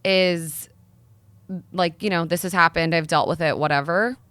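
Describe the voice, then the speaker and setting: A woman's voice: fairly low pitch, steady tone, normal speed, a bit bright, clean tone, dry recording. A young woman speaking earnestly and persuasively as a guest in a sit-down interview. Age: young adult. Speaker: guest, nonprofit founder.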